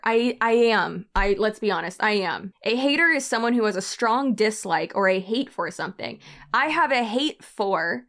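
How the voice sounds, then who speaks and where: A woman's voice: medium pitch, normal speed, a bit bright. Young woman, sarcastic, sassy comebacks, casual commentary voice. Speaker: commentary YouTuber reading mean comments.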